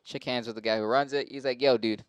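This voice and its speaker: A man hosting his own show, rambling loosely and swearing freely as he cuts himself off and restarts. His voice sounds smooth and resonant. The recording is dry and close, with no room sound. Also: medium pitch, steady tone, fast talker, dry recording, highs cut off. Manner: profane, rambling, self-interrupting. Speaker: host and stand-up comic. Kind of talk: casual rambling monologue.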